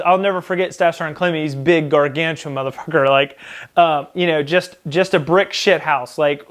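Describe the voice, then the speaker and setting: A young man casually telling a profane, animated anecdote. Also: high voice, clean tone. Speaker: storyteller. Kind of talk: casual storytelling.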